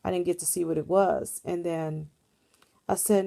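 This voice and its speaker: A woman's voice: lowish voice, steady tone, normal speed, vocal fry, darkish tone. A woman vlogger casually recounting a dream in a rambling, earnest storytelling way.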